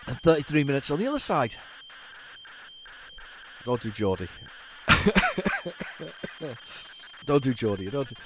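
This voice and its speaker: A man in the middle of a casual retro gaming commentary, rambling to his viewers and tripping over his words as he restarts sentences. His voice sits at an ordinary middle pitch. A faint hiss of noise runs under the recording. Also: low-quality recording. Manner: chatty, rambling, stumbles and restarts, talks to viewers. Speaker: retro gaming video host.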